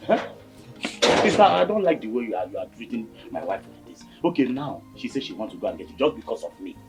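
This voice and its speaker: Weary peacemaker husband, Nigerian accent, very swingy voice, music bed. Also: male voice, medium pitch, big pitch swings, quick pace. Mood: pleading. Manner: pleading, soothing, repetitive. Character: tired peacemaking husband pleading calm. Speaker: husband and brother. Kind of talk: Nollywood film acting.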